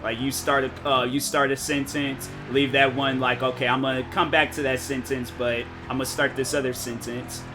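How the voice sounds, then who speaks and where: A man's voice: medium pitch, little pitch movement, normal speed, hardly any pauses. A man streaming and chatting casually, rambling with lots of filler words and restarted sentences. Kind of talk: casual chat on a live stream. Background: game music.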